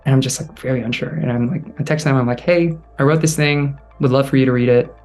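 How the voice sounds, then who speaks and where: Fast-talking young man telling a personal story. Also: mid-range voice, fairly even intonation, a little mellow, soft background music. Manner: fast, earnest, heavy on "like".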